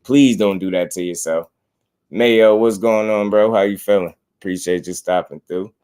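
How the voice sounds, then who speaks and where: Deep-voiced man chatting loosely. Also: steady tone, moderate pace, darkish tone, smooth. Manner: laid-back slangy talk, greets viewers. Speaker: boxing channel host. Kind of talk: casual live-stream chat.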